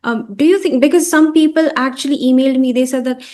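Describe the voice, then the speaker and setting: A woman's voice: high voice, fast, a little mellow. Woman host asking thoughtful questions. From India. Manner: questioning, hesitant, thinking aloud. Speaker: host and interviewer. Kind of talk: conversational interview.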